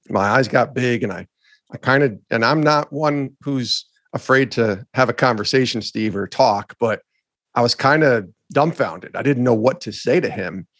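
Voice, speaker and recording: A middle-aged man recounts a story to his co-host with earnest, animated energy, slipping into the voices of the people he quotes. His voice sits at an ordinary middle pitch. The sound is dry and close, with no room echo. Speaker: podcast co-host. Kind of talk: storytelling in a conversation.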